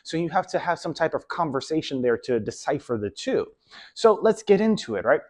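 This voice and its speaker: A man's voice: fairly high pitch, big pitch swings, a little fast, a little mellow. A young man casually talking to camera with rambling advice, often trailing off with "so on and so forth". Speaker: video host.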